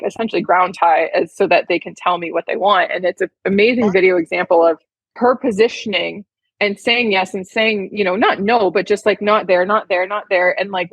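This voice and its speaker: Chatty, heartfelt woman with a husky voice, recorded dry. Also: mid-range voice, dry recording, dull audio. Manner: chatty, heartfelt, many "like" fillers. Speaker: podcast guest, horse trainer. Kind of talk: casual storytelling interview.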